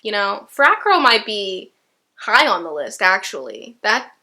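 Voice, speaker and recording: A woman's voice: medium pitch, sing-song, measured pace, sharp tone. A woman in her twenties chatting casually about books she bought, rambling with lots of "like" and "you know" and the odd swear word. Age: 20s. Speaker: book vlogger. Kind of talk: casual book haul chat.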